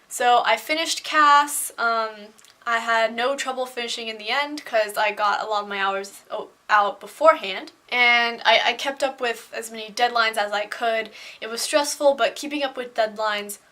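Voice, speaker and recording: Speaking at a normal speed straight to her viewers, a young woman vlogger keeps things chatty and candid in a talking-head video. Her voice sits a little high and sounds bright and forceful, with fillers and restarts sprinkled throughout.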